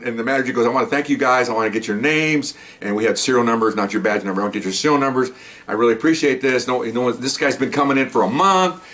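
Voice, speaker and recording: Fast-talking older ex-cop spinning yarns. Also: male voice, medium pitch, a bit bright. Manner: rambling, folksy, many asides and "okay?". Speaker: retired police officer telling stories. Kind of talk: casual storytelling.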